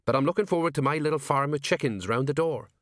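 A man's voice: on the high side, quick pace, fairly bright tone, no room sound, studio quality, pitched above the performer's own voice, lightly acted. A man voicing an older watch sergeant, set in his ways, with a folksy, rambling, common way of talking. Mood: grumbling.

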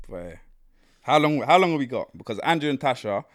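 A man, a professional footballer, chatting casually as a guest and giving blunt, animated opinions. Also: medium pitch, brisk. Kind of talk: casual chat.

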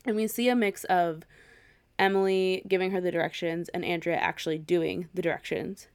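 A young woman co-hosting a podcast, casually recapping a film in an animated, sweary way and laughing often. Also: fairly low pitch, normal speed, smooth. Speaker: podcast co-host.

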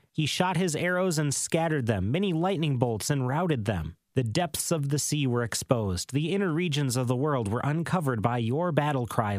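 A man reads scripture in a steady, measured way at an ordinary middle pitch. His phrases often settle low at the end. The sound is dry and close, with no room around it. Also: no echo. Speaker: scripture reader. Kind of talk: steady scripted Bible reading.

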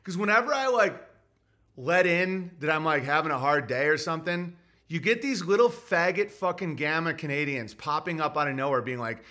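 A man's voice: on the high side, expressive, moderate pace, bright, forceful tone. A man hosting a solo livestream, reading super chats in a grumpy, sarcastic ranting way.

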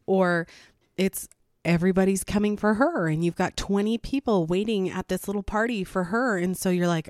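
A woman's voice: mid-range voice, moderate pace, darkish tone, no room sound, clean studio sound. A woman giving casual, earnest parenting advice in a conversational way, laughing now and then. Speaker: parenting vlogger.

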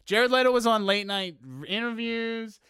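A man co-hosting a casual movie review chat, ranting in an animated, profane, exasperated way. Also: very high-pitched, moderate pace, clean tone, dry recording, clean studio sound. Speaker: podcast co-host.

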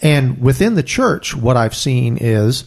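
A man chatting in a casual podcast discussion, animated and expressive. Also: mid-range voice, slow, gravelly.

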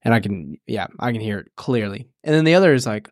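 A man's voice: on the low side, animated, fast, hardly any pauses, dry recording, clean studio sound. A man co-hosting a podcast in casual chat, joking and easygoing, who works with church youth. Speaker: podcast co-host and youth minister.

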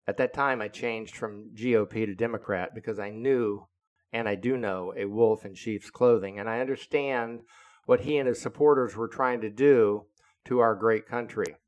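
A man in his seventies, a retired naval officer, telling a story in an indignant, deliberate, lecturing way. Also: fairly low pitch, dull audio. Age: 70s. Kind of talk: casual storytelling monologue.

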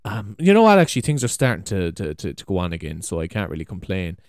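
Man, rambling vlog, cursing, exclaiming, lower-pitched voice, dry close sound. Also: huge pitch swings, fast talker, dry recording. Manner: swearing, exclaiming, trailing off. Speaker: vlogger. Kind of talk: rambling casual monologue. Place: big room at home. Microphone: USB desk microphone.

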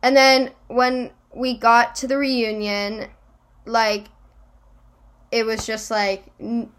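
A woman's voice: fairly high pitch, slow pace. A young woman chatting casually, telling stories with lots of fillers and laughter. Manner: giggly, animated storytelling with many fillers. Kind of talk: casual chat.

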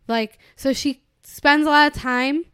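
A woman's voice: high-pitched, fairly even intonation, measured pace, a bit bright, no echo, studio quality. A woman co-hosting a podcast, chatting casually about a film and giving her opinions in long, heated runs. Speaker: podcast co-host. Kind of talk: casual film-review chat.

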